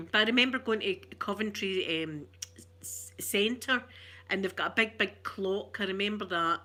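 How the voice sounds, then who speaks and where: Middle-aged Glaswegian woman, ASMR stream host, soft rambling chat, bright voice. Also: medium pitch, measured pace. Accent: Glaswegian Scottish. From Glasgow, Scotland. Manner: soft-spoken, rambling, warm chatter with viewers. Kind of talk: chatty ASMR livestream.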